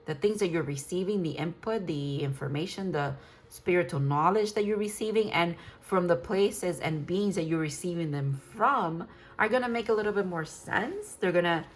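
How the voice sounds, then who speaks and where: A woman's voice: fairly low pitch, normal speed. A woman in her thirties giving a casual, rambling tarot reading, enthusiastic and full of restarts. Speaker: tarot reader.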